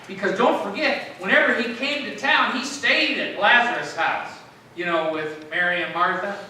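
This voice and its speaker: High, bright-voiced pastor in an echoey church. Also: male voice, slight background noise. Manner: chatty, jokey, keeps quizzing the congregation. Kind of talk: sermon. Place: church sanctuary. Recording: very echoey church, mic at a distance.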